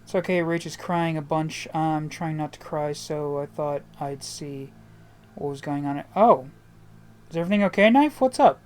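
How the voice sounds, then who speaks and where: A woman's voice: sits low, fairly even intonation, normal speed. A woman streamer chatting casually and joking while playing a video game. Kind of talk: casual live-stream gameplay commentary.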